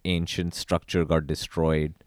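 A man co-hosting a casual podcast chat, talking haltingly with many fillers as he thinks aloud. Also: a bass voice, level tone, no room sound, studio quality.

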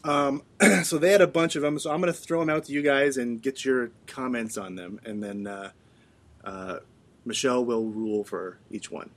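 A man's voice: medium pitch, moderate pace. A middle-aged man hosting a casual chat, playfully reading out questions and laughing often. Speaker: podcast co-host.

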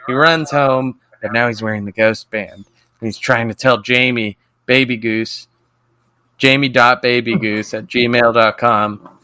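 A man's voice: mid-range voice, fairly even intonation, unhurried, bright, forceful tone, smooth, dry recording. A man co-hosting a podcast, casually recapping a TV episode, swearing freely and acting out the characters' lines. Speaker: podcast co-host.

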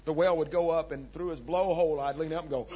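A man preaching with a husky, high-pitched voice and big swings between quiet asides and loud, urgent bursts. The recording sounds dull and muffled. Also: steady tone, fast. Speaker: pastor. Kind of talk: sermon.

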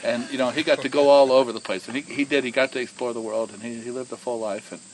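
A man's voice: medium pitch, steady tone, fast, a little hiss or hum, low-quality recording. A man who co-founded a whiskey distillery tells its story casually and with animation, often repeating and restarting words.

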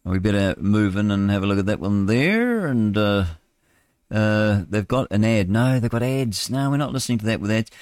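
Rambling New Zealand radio man, low voice. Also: normal speed, a little mellow, no room sound, studio quality. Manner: rambling, stumbling, with chatty asides. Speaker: radio host. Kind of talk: casual talk radio news reading with commentary.

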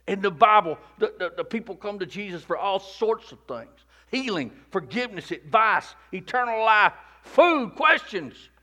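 A man delivering a sermon in a high-pitched, bright and forceful voice. He preaches in a repetitive cadence. He climbs to shouted peaks and sinks to hushed near-whispers. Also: big pitch swings, normal speed, hardly any pauses. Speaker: pastor.

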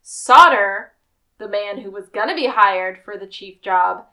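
A woman co-hosting a podcast, casually recapping a TV episode and acting out quick quotes. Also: medium pitch, animated, pushed and bright. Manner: retells scenes with quick acted quotes and laughs. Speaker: podcast co-host.

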